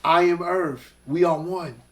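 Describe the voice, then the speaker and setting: Unhurried and fairly high in pitch, this man is a guest music executive from Hollis, Queens, New York. His storytelling is casual, profane, and animated, with him acting out the voices of the characters.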